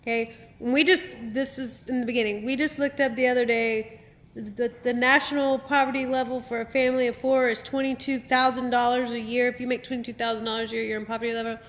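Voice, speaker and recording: A woman's voice: a little high, little pitch movement, fast talker. Woman chiming in, echoey room. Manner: interjecting, adds facts. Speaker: co-host, the speaker's wife. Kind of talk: casual storytelling talk.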